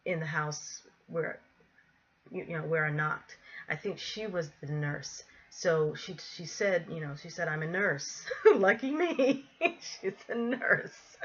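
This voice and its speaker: A woman's voice: sits low, a bit bright, muffled recording. A woman casually telling a personal story to camera, rambling with many ums and asides and laughing easily.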